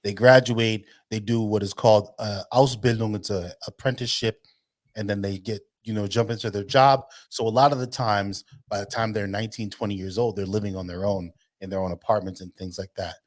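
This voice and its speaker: A man's voice: fairly low pitch, fairly even intonation, fairly quick. A man in his thirties co-hosting a podcast, telling stories in a blunt, profane, casual way. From United States. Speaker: podcast co-host. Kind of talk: casual chat.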